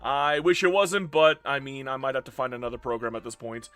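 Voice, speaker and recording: A tired, hoarse man doing chatty live gameplay commentary as a streamer, greeting his chat by name. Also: medium pitch, fairly even intonation, fairly quick, fairly bright tone, dry recording.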